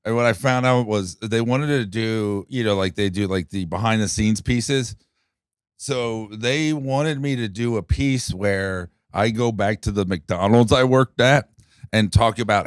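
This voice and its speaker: A man's voice: on the low side, a little slow, smooth, dry recording. A man who is a comedian, telling a story in a laid-back, dry way in casual podcast chat. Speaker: comedian guest.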